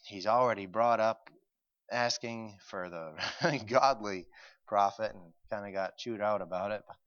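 A male preacher reading scripture aloud and explaining it, swinging from quiet explanation to loud, urgent pleading. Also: on the low side, unhurried, no echo, lo-fi sound. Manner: reads old-fashioned scripture aloud with emphasis. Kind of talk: sermon reading and expounding scripture.

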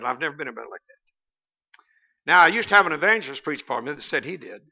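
A man's voice: on the high side, sing-song, quick pace, pauses often, bright, forceful tone. A man with a Southern accent preaching a sermon as pastor, folksy and joking, with chuckling asides. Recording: dull lo-fi sound.

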